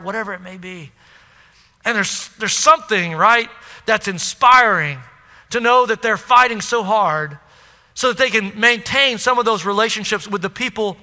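Preacher, male, lively storyteller with a very high, bright voice, echoey sanctuary sound. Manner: animated storytelling, addresses the crowd. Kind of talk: sermon. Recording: echoey hall.

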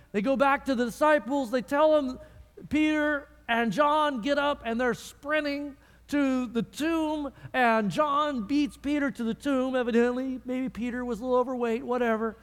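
A man preaching a sermon in a church, telling the story dramatically and dropping from loud to hushed. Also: extremely high pitch, normal speed. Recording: long reverb of a large hall.

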